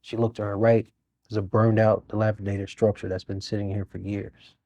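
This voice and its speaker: A man, speaking in an earnest, reflective way as a guest in a studio interview. His voice sits low and mellow, and his pitch stays fairly flat and even as he talks. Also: moderate pace, no room sound. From Birmingham, Alabama. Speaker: mayor. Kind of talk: interview conversation.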